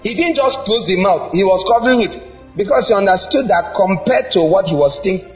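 A middle-aged man preaching a lively sermon, animated and playful, teasing the congregation and slipping into mimicry. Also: sits high, brisk, faint music behind, poor audio.

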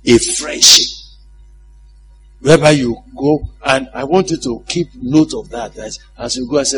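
A man preaching a sermon in an animated, humorous way, often asking the congregation if they follow him. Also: mid-range voice, a little slow, music in the background, poor audio.

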